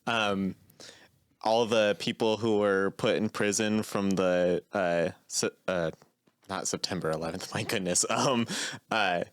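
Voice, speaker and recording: A young man co-hosting a comedy podcast, joking quickly and animatedly. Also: fairly low pitch, fairly even intonation, no room sound. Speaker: podcast co-host. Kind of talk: casual comedic chat.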